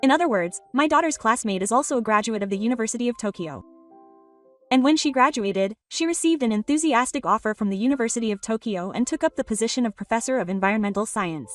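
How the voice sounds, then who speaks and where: Woman narrator, higher pitch, even storybook reading, voice set back from the mic, soft music underneath. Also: fast. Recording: distant voice over soft background music.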